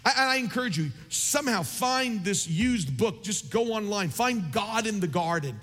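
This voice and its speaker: A man preaching a sermon as pastor, impassioned and building to near shouts. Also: sits high, animated, moderate pace. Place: large church sanctuary. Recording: long reverb of a large hall.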